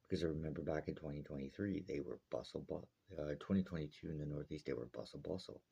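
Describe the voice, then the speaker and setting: A man's voice: extremely low pitch, quick pace, vocal fry, mellow, breathy edge. A man from Alberta ranting bluntly and heatedly to camera, swearing often. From Alberta, Canada. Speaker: vlogger. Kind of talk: angry rant to camera.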